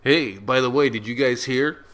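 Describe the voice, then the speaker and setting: A man hosting a reaction video, rambling and joking in a casual way, now and then bursting into loud shouts. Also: mid-range voice, moderate pace. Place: small room with yellow walls.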